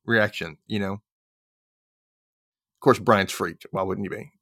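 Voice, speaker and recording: Gravelly low-voiced man recapping a show. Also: fairly even intonation, a bit bright, dry recording, studio quality. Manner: retells scenes with quick voiced asides. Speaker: podcast host. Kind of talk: casual recap chat.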